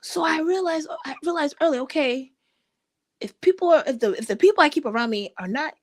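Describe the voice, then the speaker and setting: A woman in her thirties hosting a casual livestream chat, talking in an expressive, rambling way with frequent restarts and laughs. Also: a little fast. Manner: animated and expressive, pitch swinging high and low. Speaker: host.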